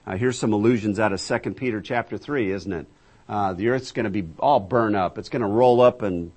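Male preacher, emphatic scripture reader, conversational between verses. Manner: booming emphatic scripture reading, conversational asides; addresses listeners directly, filler-heavy. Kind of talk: sermon with scripture reading.

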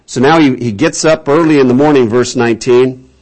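A man's voice: medium pitch, fairly quick, a little mellow. Folksy man preaching a conversational sermon. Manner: folksy, chatty storytelling with frequent restarts. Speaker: pastor. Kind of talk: conversational Bible-teaching sermon.

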